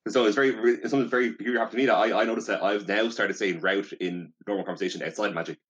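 A man in a casual card-game chat, telling stories in a quick, animated way. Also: lowish voice, breathy edge. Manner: quick, animated storytelling with laughs. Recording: dull lo-fi mic.

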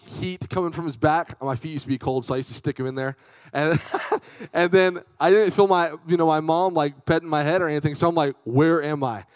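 A young man preaching to a youth group with a fairly high voice, swapping between storytelling and shout-outs to the crowd. His delivery is chatty and lively, and the sound is close and dry with little room echo. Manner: lively, chatty, calls out to the audience. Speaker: youth speaker. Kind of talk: youth sermon with personal storytelling.

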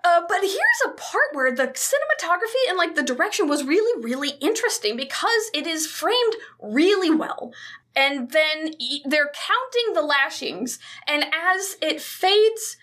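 A woman's voice: sits high, very animated, unhurried, sharp tone. A woman co-hosting a podcast, recapping a movie in casual chat, swearing freely and acting out the characters. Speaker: podcast co-host.

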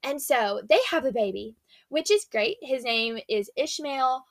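A young woman with a fairly high voice gives an earnest, chatty devotional talk. She retells scripture in a casual, slangy storytelling way. The sound is close and dry. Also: expressive, a little slow, no room sound. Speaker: faith speaker.

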